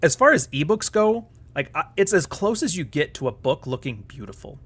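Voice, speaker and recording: A man's voice: on the high side, sing-song, fairly quick, fairly bright tone, breathy edge. A man hosting a live stream, chatting casually in a profane, sarcastic and rambling way.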